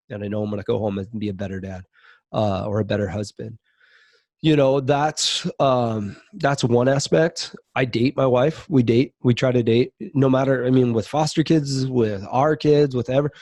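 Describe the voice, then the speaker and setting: A man's voice: medium pitch, dark tone, dry recording, studio quality. A man speaking as a podcast guest in a casual interview, earnest and reflective as he talks openly about his own life.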